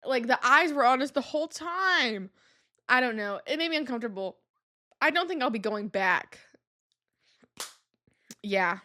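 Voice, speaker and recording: A young adult woman hosting a podcast, telling casual stories in an animated, exasperated way with lots of "like" and "um". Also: sits high, unhurried, pauses often. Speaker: podcast host. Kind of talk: casual storytelling monologue.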